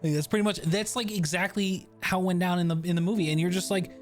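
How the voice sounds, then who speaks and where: A man's voice: sits high, steady tone, fast, faint music behind. Rambling, foul-mouthed male streamer. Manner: rambling, swearing, tangents. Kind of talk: casual gaming commentary.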